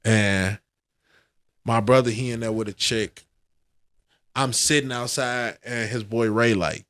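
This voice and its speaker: A man telling a profane, animated story in a casual podcast chat. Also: on the low side, measured pace, pauses often, no echo. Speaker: podcast co-host.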